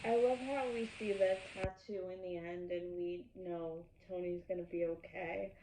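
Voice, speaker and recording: A woman hosting an episode reaction vlog, talking excitedly and gushing with plenty of "like" fillers. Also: on the low side, normal speed, background noise. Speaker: YouTube host. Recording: echoey room, far from a dull mic.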